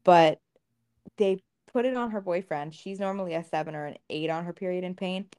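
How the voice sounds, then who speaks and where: Woman podcast co-host, frank and profane, slightly low voice, lively retelling. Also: brisk, smooth. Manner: candid, swears freely, animated retelling. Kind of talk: casual podcast conversation.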